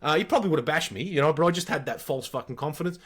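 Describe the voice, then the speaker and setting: A man's voice: on the high side, very fast, fairly bright tone. A man in his forties with an Australian accent, co-hosting a podcast and telling stories animatedly with plenty of swearing. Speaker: podcast co-host. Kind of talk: casual storytelling chat.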